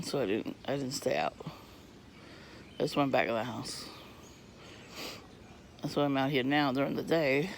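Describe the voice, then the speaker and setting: A man ranting casually outdoors on a residential street, profane and irritated, coughing and clearing his throat from asthma while he laughs often. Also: on the high side, a little hiss or hum. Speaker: vlogger. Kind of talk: rambling casual monologue.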